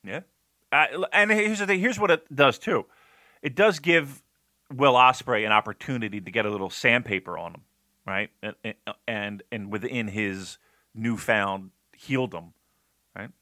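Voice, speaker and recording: A man co-hosting a podcast argues his opinions emphatically, restarting sentences and filling pauses. His voice is bright and forceful, and it is recorded dry and close with no room sound. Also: mid-range voice, no echo. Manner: animated, emphatic, many repeated starts and fillers. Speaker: podcast co-host. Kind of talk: casual opinionated discussion.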